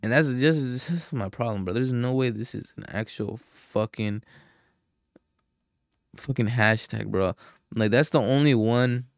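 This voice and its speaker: Young male podcast host, low gravelly voice, dry close sound, loose profane self-mocking ramble. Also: measured pace, no echo. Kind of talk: casual solo podcast monologue.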